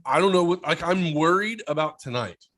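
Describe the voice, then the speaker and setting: A young man co-hosting a podcast, telling stories in a casual, animated way with some swearing. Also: fairly high pitch, a little fast. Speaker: podcast co-host. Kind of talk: casual chat.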